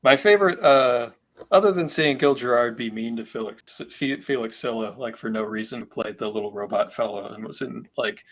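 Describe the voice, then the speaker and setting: A middle-aged man at a mid pitch, chatting casually. He tells long, wandering anecdotes full of "uh" and restarts. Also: moderate pace. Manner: rambling anecdotes with many fillers. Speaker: artist on a live stream. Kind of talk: casual chat.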